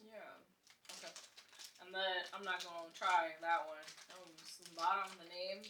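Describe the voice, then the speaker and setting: Casting: young woman, laid-back podcast co-host, bright voice, candid, breaks into big laughs. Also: on the low side, fairly even intonation, normal speed, slight background noise. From Haiti. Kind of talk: casual chat, food tasting. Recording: echoey room, mic at a distance.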